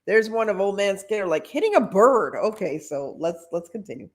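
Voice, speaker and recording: A woman's voice: medium pitch, sing-song, moderate pace. A middle-aged woman reading a children's storybook aloud, with chatty asides. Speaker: storytime reader.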